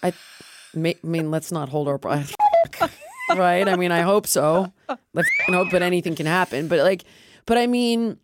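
A woman's voice: lowish voice, normal speed, long pauses, a little hiss or hum. A middle-aged woman hosting a podcast, talking candidly and animatedly, acting out what she and others said and swearing freely. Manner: animated, quotes herself and others in lively put-on voices, swears freely. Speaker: podcast host. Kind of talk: candid casual chat.

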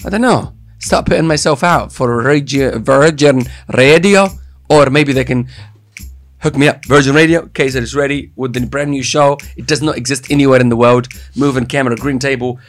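A man hosting a daily podcast from a studio, talking in an energetic, playful, hype-style way. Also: mid-range voice, normal speed. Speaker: podcast host. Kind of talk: casual podcast chat. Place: studio with cameras.

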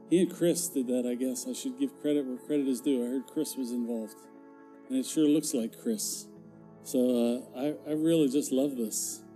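A man's voice: medium pitch, warm tone. An older man preaching a folksy, joking sermon in a church, growing emphatic as he goes. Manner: folksy, jokey, grows emphatic. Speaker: former pastor, guest preacher. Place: church sanctuary.

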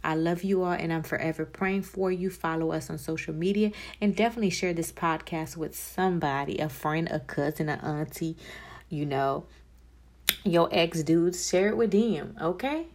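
A woman's voice: low-pitched, normal speed, darkish tone. Chatty woman preaching to her listeners. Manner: preachy, chatty, calls listeners "y'all" and "child". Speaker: podcast host. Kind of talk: faith-based encouragement talk.

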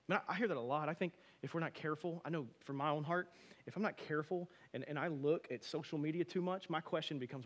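A man preaching a sermon as a pastor, conversational and animated, with sudden loud emphasis. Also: a little high, quick pace.

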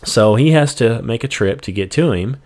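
In a casual Bible study, a male teacher reads verses aloud and then restates them in plain everyday language, relaxed and sprinkling in "you know" and "um". His voice is medium-pitched and moderately paced.

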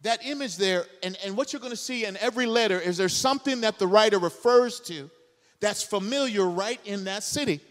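High-voiced impassioned preacher man. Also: big-room sound. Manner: impassioned, builds to shouting, rapid rhetorical questions. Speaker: pastor. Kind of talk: sermon. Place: church sanctuary, live congregation.

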